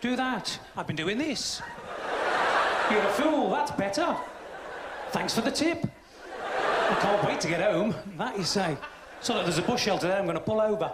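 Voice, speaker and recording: A man's voice: sits high, animated, normal speed, very noisy. A British man doing a crude, cheeky stand-up set in a theatre, acting out voices. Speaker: stand-up comedian. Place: large theatre stage. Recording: roomy live theatre recording. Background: audience laughing.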